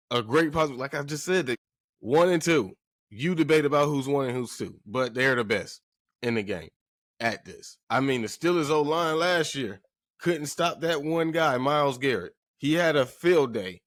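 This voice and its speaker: A man's voice: mid-range voice, no echo, studio quality. A man hosting a sports podcast in casual talk, emphatic and repeating phrases for effect while addressing listeners directly.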